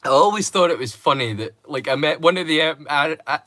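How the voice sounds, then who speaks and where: Chatty male stream host from Europe, bright voice, rambling and casual, dry close sound. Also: fairly high pitch, lively intonation, a little fast, no echo. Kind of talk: casual live-stream chat.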